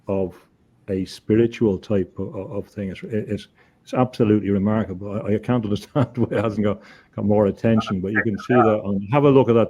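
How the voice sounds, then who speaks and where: A man, a guest on an interview show, telling a story in an earnest, halting way, often repeating words as he thinks. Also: on the low side, warm tone, husky, highs cut off. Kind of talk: conversational storytelling.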